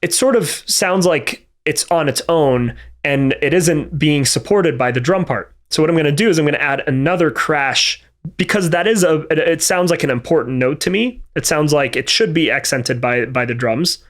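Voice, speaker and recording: In this screen-recorded tutorial, a man with a fairly high voice teaches MIDI drum programming at a moderate pace. The instructor thinks aloud methodically, often using fillers and restarting sentences, and drum and music playback plays between his comments.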